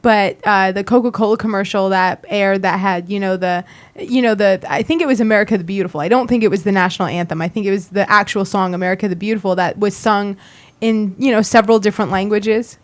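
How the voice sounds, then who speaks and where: A woman's voice: medium pitch, steady tone, quick pace. A woman co-hosting a talk radio show, chatting casually and hedging with fillers as she talks.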